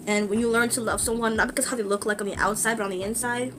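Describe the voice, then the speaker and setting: A woman vlogging casually, gushing and excitable, with lots of fillers. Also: a little high, racing. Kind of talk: casual book vlog.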